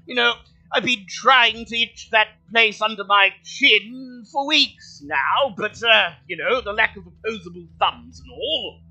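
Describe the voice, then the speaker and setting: A man's voice: high voice, animated, unhurried, bright, forceful tone, breathy edge, pitched above the performer's own voice, full character voice, rough recording. A man voicing a polite, chatty old male camel who uses old-fashioned phrasing. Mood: cheerful, chatty.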